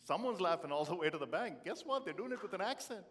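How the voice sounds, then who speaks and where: A middle-aged man from India giving a humorous motivational speech, with punchy storytelling that swings from loud to quiet. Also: high voice, expressive, quick pace, noisy background. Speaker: motivational speaker.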